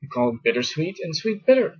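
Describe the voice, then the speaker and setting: Casual scripture teacher, male, husky and fairly high, muffled lo-fi recording. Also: big pitch swings, brisk. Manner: conversational, many fillers, mockingly exasperated.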